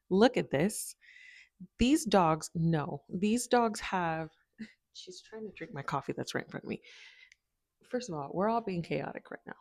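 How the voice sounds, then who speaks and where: Chatty low-voiced woman vlogging at home. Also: dry recording, clean studio sound. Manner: chatty and rambling, laughs often, talks to her dogs. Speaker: spiritual video creator. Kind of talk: casual chat to camera. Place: home, by a window. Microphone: propped-up camera.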